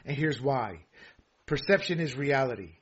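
A man chatting casually about politics, animated and laughing, with many stammered restarts and fillers. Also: medium pitch, moderate pace, slightly rough. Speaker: co-host. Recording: dull lo-fi audio.

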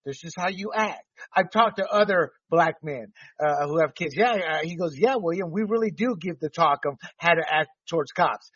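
A man's voice: a little high, moderate pace, hardly any pauses, fairly bright tone, slightly rough, dry recording, far from the mic, highs cut off. A man hosting a casual panel talk, giving blunt opinions and mocking people with put-on voices. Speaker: show host.

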